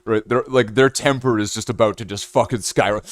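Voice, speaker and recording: This streamer from Canada has a lowish voice, a steady tone, and talks a little fast, recorded without echo. While painting miniatures on a casual stream, he rambles and jokes with his chat.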